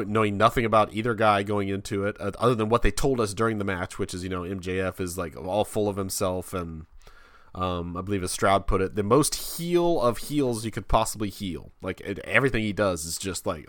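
A man hosting a casual wrestling podcast, rambling and halting with frequent restarts. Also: lowish voice, a bit bright, no echo, clean studio sound. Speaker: podcast host.

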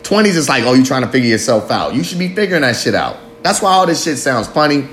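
A man's voice: medium pitch, very animated, quick pace, a bit bright, a little hiss or hum. Profane rambling man in his thirties. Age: 30s. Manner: rambling, profane, self-mocking with frequent laughs. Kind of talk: candid confessional monologue.

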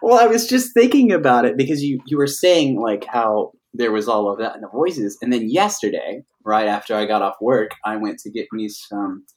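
A man co-hosting a casual chat, telling relaxed stories with the odd giggle. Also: on the low side, moderate pace, few pauses. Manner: relaxed, chatty storytelling with giggles. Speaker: podcast co-host.

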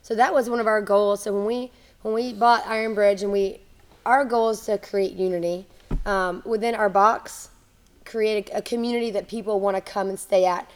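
An enthusiastic woman chats as a podcast guest. She runs a gym and talks quickly in bursts, restarting her sentences often. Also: mid-range voice, fairly even intonation. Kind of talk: casual podcast interview.

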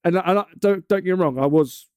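A man's voice: high-pitched, fast talker, a little mellow, no echo, studio quality. A young man from England in casual chat, telling a long story with many stumbles and restarts. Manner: rambling, stumbles and restarts often.

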